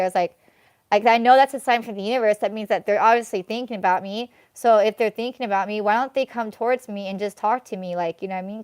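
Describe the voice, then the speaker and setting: A woman's voice: medium pitch, clear, resonant tone, no room sound, clean studio sound. A woman hosting a live tarot reading stream who rambles and vents, filling her talk with "like" and "you know what I mean.". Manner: rambling, venting, heavy use of fillers such as "like" and "you know what I mean". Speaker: tarot reader.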